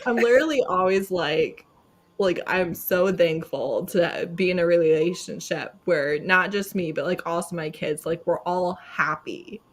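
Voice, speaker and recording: A woman's voice: fairly low pitch, a little slow. A woman hosting a casual live video chat who tells stories with lots of laughter and acts out what people said. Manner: animated storyteller, acting out quotes, laughing often. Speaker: host. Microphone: video call.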